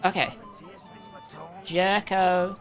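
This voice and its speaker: A woman's voice: lowish voice, steady tone, slow pace. A woman streaming a game, chatting casually in a rambling, playful way with asides to chat. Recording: game music under the voice.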